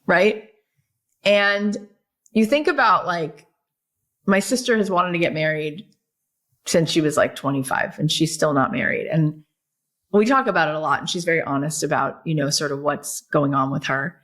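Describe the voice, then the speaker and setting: A woman with a fairly low voice, speaking as a podcast guest. She tells stories in an animated, conversational way and keeps checking in with "right?" and "like". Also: normal speed. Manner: animated storyteller, many fillers like "like" and "right?". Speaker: guest, author and podcast host.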